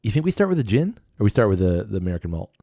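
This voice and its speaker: A man's voice: fairly low pitch, very animated, racing, gravelly, mellow, dry recording, studio quality. A man co-hosting a casual podcast and tasting drinks, playful and chatty, sometimes reading labels aloud with mock grandeur. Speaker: podcast co-host.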